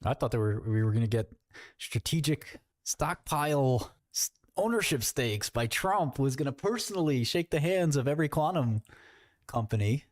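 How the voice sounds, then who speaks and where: A man's voice: mid-range voice, expressive, normal speed, no room sound, studio quality. A man hosting an investing livestream, talking casually in a sarcastic, mocking way.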